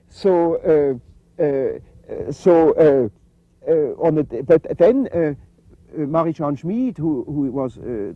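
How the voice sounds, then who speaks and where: An older man, answering interview questions in a halting, reflective way with many fillers. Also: on the high side, mellow, no echo, dull audio. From Switzerland. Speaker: interview guest.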